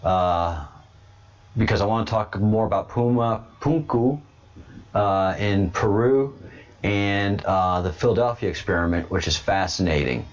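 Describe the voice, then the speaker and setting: A man hosting a casual livestream, rambling and halting with many fillers and restarts as he answers chat comments. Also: fairly low pitch. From born in Texas, raised abroad and in Louisiana. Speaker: livestream host. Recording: dull lo-fi stream audio.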